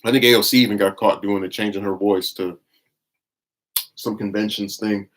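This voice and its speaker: A man's voice: on the low side, fairly even intonation, moderate pace, a bit bright. A man giving blunt, scornful live-stream commentary, reading viewer chat and rambling with frequent restarts. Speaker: livestream commentator.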